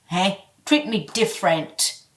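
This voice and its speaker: A woman in her twenties ranting casually to camera, heated and profane, swinging between loud outbursts and low mutters. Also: big pitch swings, slow pace, far from the mic. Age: 20s. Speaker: vlogger.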